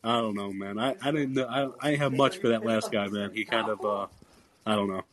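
A man's voice: lowish voice, fairly even intonation, brisk, crowd noise. A man hosting a live call-in basketball podcast, taking callers one after another. He is blunt and easily irritated, and he stumbles through repeated words before getting his point out. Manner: blunt, irritated, stammering restarts. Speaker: podcast host. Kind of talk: live call-in sports chat.

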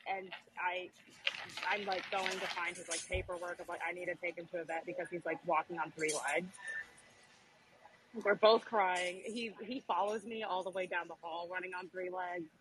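Animated woman telling a story. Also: fairly low pitch, normal speed, low-quality recording. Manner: animated storyteller, acts out quoted voices. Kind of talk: casual podcast chat.

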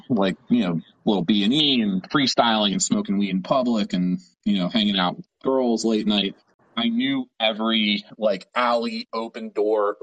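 A man's voice: lowish voice, poor audio. A man from Pittsburgh, an interview guest, telling a story casually with a lot of swearing and filler words. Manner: profane, animated storytelling with many fillers.

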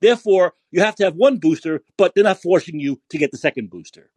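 A man's voice: high-pitched, lively intonation, fast, darkish tone, breathy edge, no room sound. A man hosting a podcast, delivering a profane, sarcastic political rant. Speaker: podcast host. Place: San Francisco.

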